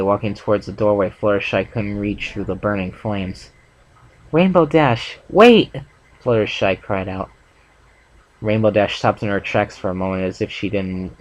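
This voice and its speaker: A man's voice: on the low side, dull audio, slight background noise. A man reading a fanfic aloud for his channel in a plain way, with a few stumbles and restarts. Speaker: channel host and fanfic reader.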